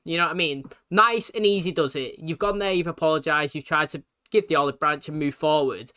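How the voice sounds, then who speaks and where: A man's voice: fairly high pitch, fairly quick, few pauses, bright, forceful tone, clear, resonant tone. A British man giving casual, rambling commentary as a reaction video host, chatting and laughing as he talks.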